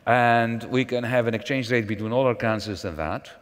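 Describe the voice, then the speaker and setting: A man speaking as a panel guest at a conference, in a measured, professorial manner with false starts. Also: medium pitch. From Greece. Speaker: panel guest, former finance minister. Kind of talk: onstage panel conversation. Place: large conference hall. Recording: long hall reverb.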